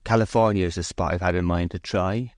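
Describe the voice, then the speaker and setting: A man's voice: low voice, fairly even intonation, fairly quick, dry recording, studio quality, lightly acted. A man voicing Gabriel Oak, a shy and steadfast farm manager, in an audiobook reading. He speaks with hesitation, in plain words. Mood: troubled. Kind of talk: audiobook character voice.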